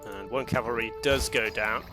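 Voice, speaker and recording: A man's voice: medium pitch, moderate pace, music in the background. A man casting a live strategy game match, chatty and loose, restarting his sentences often. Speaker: game caster.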